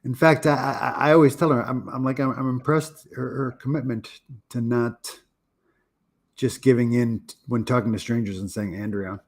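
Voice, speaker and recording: A man's voice: medium pitch, fairly even intonation, normal speed. A man chatting casually on a livestream, hesitant and repeating words as he searches for what to say.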